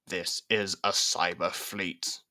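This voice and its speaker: A man voicing a menacing robot with a flat, electronic monotone, slow and deliberate. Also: deep voice, exaggerated voice.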